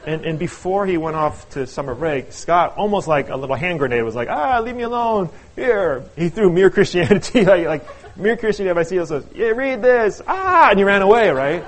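A middle-aged man preaching a sermon, telling stories with animated, playful asides. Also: on the high side, fast talker, few pauses, rough recording. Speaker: pastor.

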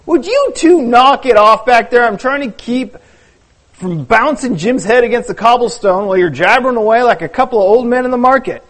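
A man voicing a thrifty, bossy man who complains and gets excitable as he reads his own story aloud. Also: extremely high pitch, brisk, voice pushed up. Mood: grumbling. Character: thrifty grumbling man, quick-tongued and bossy.

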